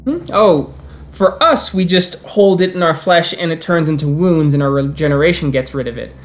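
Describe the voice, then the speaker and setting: A man narrating as storyteller of a tabletop role-playing game, voicing its characters in turn with halting restarts. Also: fairly high pitch. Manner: plays many characters in quick turns, with halting restarts.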